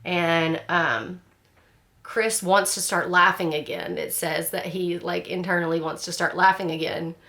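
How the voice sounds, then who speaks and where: A woman with a fairly low voice talks through a book in casual discussion. Her tone has a gravelly, fry-laden edge, and she rambles frankly, full of fillers and restarts. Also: fairly even intonation, measured pace, sharp tone. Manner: frank and chatty, laughs at the story. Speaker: book club host.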